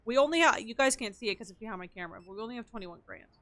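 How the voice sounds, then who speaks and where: A woman's voice: fairly high pitch, animated, racing, fairly bright tone, dry recording. A young woman streaming a game, chatting casually to her viewers and muttering counts and item names as she plays. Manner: chatty, muttering counts and items while playing. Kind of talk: casual gameplay streaming chat.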